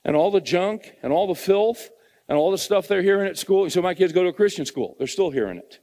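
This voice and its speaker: A man's voice: high voice, lively intonation, a little fast, dark tone, big-room sound. A middle-aged man preaching a sermon in an earnest, conversational way, repeating phrases for emphasis.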